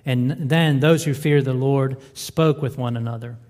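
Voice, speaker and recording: A man's voice: mid-range voice, a little slow, darkish tone. A male pastor delivering a sermon, building emphasis with repeated rhetorical questions. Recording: reverberant hall.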